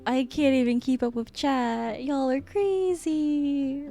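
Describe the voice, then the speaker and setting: Woman VTuber, high and slow-spoken, giggly, gushing, hesitant; faint music behind. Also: fairly even intonation. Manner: giggly and gushing, often laughing; soft, hesitant with many ums. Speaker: VTuber streamer. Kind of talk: live-stream chat. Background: faint background music.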